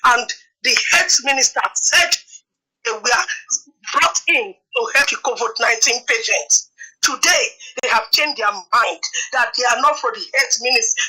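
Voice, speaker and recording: A woman's voice: fairly high pitch, bright, forceful tone, low-quality recording. A woman calling in to a talk show, speaking in an urgent, alarmed, pleading way. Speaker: call-in caller. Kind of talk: call-in comment.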